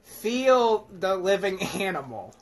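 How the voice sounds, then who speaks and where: A man's voice: sits high, sing-song, slow. A man giving rambling, profane, joking commentary on scripture as a self-styled preacher. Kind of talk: irreverent comedic scripture commentary.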